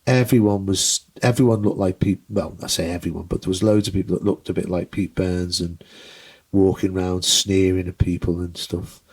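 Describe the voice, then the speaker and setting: Husky-voiced man telling lively stories. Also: low-pitched, moderate pace. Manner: animated storyteller who acts out the people in his stories, swears freely. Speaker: guest comedian and musician. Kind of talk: casual podcast chat, anecdote telling.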